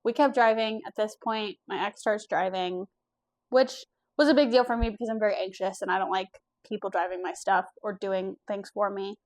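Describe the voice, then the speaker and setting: A woman's voice: medium pitch, moderate pace, a little mellow. Candid young woman telling a story. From US East Coast. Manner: candid, casual, swears, acts out quotes. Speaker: vlogger. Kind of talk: storytime vlog.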